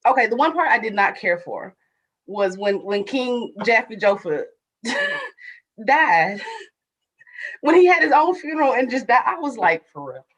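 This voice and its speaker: A woman chatting as a guest on a talk show, laughing often and acting out quoted lines in a flat voice. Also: fairly high pitch, measured pace, long pauses, slightly rough, poor audio. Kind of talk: casual chat.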